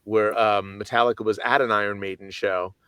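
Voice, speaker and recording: A man, a guest musician, telling stories in a casual chat in an animated way, swearing freely. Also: on the low side, brisk, smooth, no echo.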